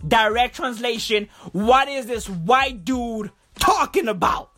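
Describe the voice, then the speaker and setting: A woman with a husky voice, doing a profane, slang-heavy comic rant. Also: fairly high pitch, takes it slowly, hardly any pauses, faint music behind. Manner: profane, repetitive, animated slang. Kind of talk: comedic rant monologue.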